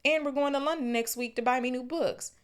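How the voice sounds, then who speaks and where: A woman reading the lines of an excitable young teenage boy in her own voice, pitch lifted a little. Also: brisk, natural voice. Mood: eager.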